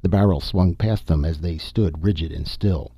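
A man reading a science-fiction story aloud in a steady, even narration. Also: low-pitched, moderate pace, husky, dry recording, lo-fi sound. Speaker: audiobook narrator. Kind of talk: scripted narration.

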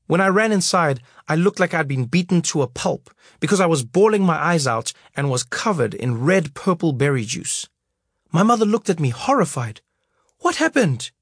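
A man's voice: fairly high pitch, expressive, moderate pace, husky, dry recording. A man reading his memoir aloud, wry and storytelling, on a close studio mic. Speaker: narrator.

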